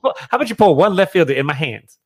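A man co-hosting a podcast, jumping in with quick, jokey remarks. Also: high voice, expressive. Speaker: podcast co-host. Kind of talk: casual podcast banter.

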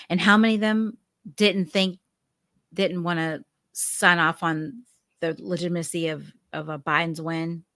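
A woman co-hosting a podcast, chatting casually and telling animated stories with frequent laughter over a video call. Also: on the low side, no room sound, clean studio sound. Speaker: podcast co-host. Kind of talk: casual chat.

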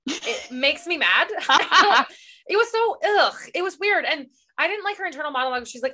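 Bright, expressive woman in casual chat. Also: high voice. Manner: rambling, expressive, quick to laugh. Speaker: podcast co-host.

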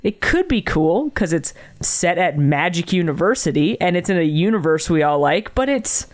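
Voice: mid-range voice, sing-song, moderate pace. Exasperated podcast co-host critiquing a film. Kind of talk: casual chat.

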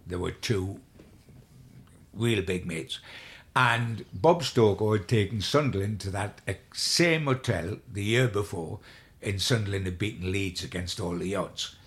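A man's voice: lowish voice, a little slow. An older man, a sports journalist, telling long rambling anecdotes in an interview, with frequent restarts.

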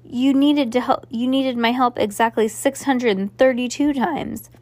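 A woman reading aloud, voicing an eager, talkative know-it-all boy with an excited, quick delivery in a storybook. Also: on the high side, dry recording, voice pushed up, lightly acted.

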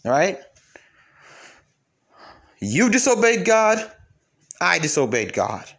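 A man giving a preachy monologue to his viewers, emphatic, swinging between loud and low. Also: big pitch swings, slow, long pauses.

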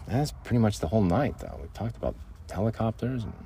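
Recording in a makeshift vocal booth with a little hiss or hum, an older man talks fast on his own podcast in an expressive, mellow voice that sits on the low side. His monologue is loose and rambling, jumping around topics with frequent chuckles.

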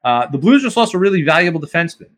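A man's voice: fairly high pitch, big pitch swings, racing, a bit bright. A man co-hosting a sports podcast, giving analytical opinions in casual chat with frequent ums. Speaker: podcast co-host.

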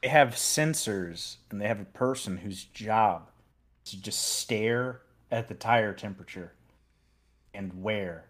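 A man's voice: lowish voice, measured pace, fairly bright tone. A man co-hosting a casual motorsport podcast, explaining with exasperation. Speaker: podcast co-host. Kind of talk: casual chat.

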